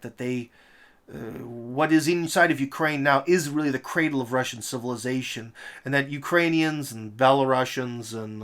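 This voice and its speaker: A man hosting a political commentary monologue, talking in an emphatic, rhetorical way with sarcastic asides. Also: mid-range voice. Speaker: host.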